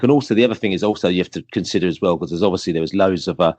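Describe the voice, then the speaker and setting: A man, a podcast guest telling animated, rambling football fan stories full of fillers. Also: deep voice, very fast, no room sound. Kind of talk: casual storytelling interview.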